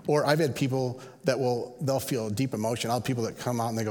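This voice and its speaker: Middle-aged male pastor, earnest and conversational, mid-pitched, preaching in a reverberant church hall. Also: steady tone, quick pace, hardly any pauses, darkish tone. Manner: conversational, earnest, acts out quoted voices. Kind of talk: sermon.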